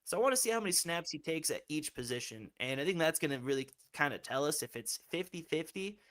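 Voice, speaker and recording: A young man with a somewhat high voice hosts a live football fan stream. His talk is loose and chatty, full of slang and casual swearing. It is an easygoing live-stream conversation with his viewers. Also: expressive, fast, fairly bright tone. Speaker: host of a fan football livestream.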